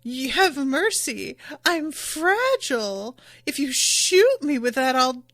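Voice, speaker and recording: A woman's voice: a little high, big pitch swings, takes it slowly, fairly bright tone, no echo, clean studio sound, heavily acted. A woman voicing a flamboyant, theatrical man who overacts his pleading and his triumphs. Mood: mock pleading. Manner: overdramatic, singsong.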